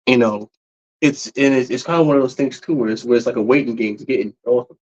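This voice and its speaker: A man's voice: medium pitch, quick pace. A man, a regular at the cigar shop, chatting casually on a podcast and rambling with constant "you know" fillers. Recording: dull lo-fi podcast audio.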